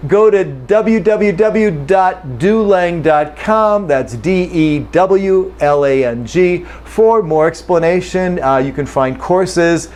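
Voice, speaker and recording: A man's voice: high-pitched, a little mellow. A man with an American accent teaching English pronunciation in a lesson, explaining patiently and repeating key phrases for emphasis. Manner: drops into quick acted dialogue to demonstrate. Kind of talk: language lesson.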